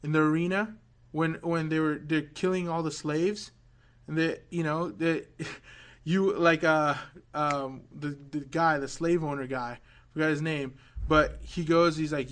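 A man preaching a sermon, telling a story dramatically, dropping to hushed quoted words and rising to loud build-ups. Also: a little high, steady tone, measured pace.

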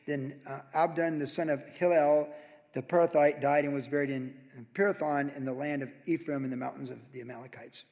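A man preaching a verse-by-verse sermon in an animated, conversational way, with sudden loud emphasis. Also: mid-range voice, vocal fry, long reverb tail. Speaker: pastor.

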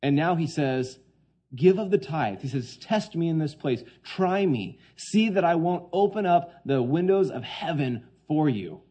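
A man preaching a sermon, swinging between hushed quoted lines and loud, emphatic points. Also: fairly high pitch, animated, a little slow, slightly rough.

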